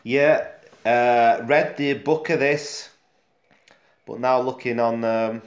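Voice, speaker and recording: A man's voice: medium pitch, slow. Chatty Yorkshire man in a roomy space. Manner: relaxed and chatty, with trailing fillers. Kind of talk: casual chat about comics. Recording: roomy echo.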